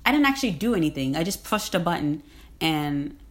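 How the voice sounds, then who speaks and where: Low-voiced woman in an emphatic, slangy monologue. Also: very animated, brisk. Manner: emphatic, slangy, laughs often, repeats herself. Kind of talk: casual rambling monologue.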